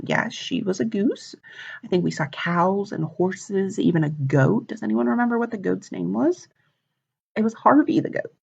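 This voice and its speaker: A woman librarian reading a picture book aloud at a children's storytime, animated and asking the kids questions. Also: medium pitch, vocal fry, slightly rough. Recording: dull lo-fi recording.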